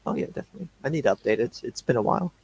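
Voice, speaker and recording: A man's voice: mid-range voice, lively intonation, racing, a little mellow, slightly rough, no room sound. A man co-hosting a livestream, chatting casually in a rambling way with many fillers. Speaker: co-host on a livestream.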